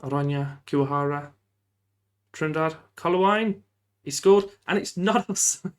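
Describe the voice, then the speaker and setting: A man giving lively, casual commentary while playing a football management game, often shouting at the referee and laughing. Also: a little high, moderate pace, clean tone. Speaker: gaming YouTuber.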